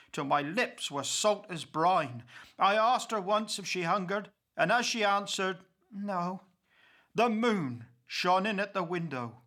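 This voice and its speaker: A man's voice: fairly high pitch, pushed and bright, exaggerated voice. A man reciting as a bitter old pauper. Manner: slow, declamatory and impassioned. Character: old grieving male pauper, bitter and accusing. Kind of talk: dramatic verse recitation.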